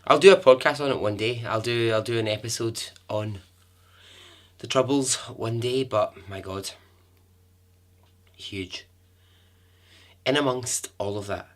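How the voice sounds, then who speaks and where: Slow-talking male podcast storyteller. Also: lowish voice. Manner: chatty, with asides and swearing. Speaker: podcast host. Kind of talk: casual true-crime storytelling.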